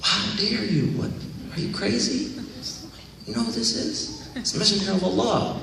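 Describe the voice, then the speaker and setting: Angry elder companions scold in a sharp, high, hushed outburst, as a man acts them out. The voice carries a heavy hall echo and sounds far from the mic. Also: big pitch swings, normal speed, noisy background. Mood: indignant. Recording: very echoey hall, distant mic.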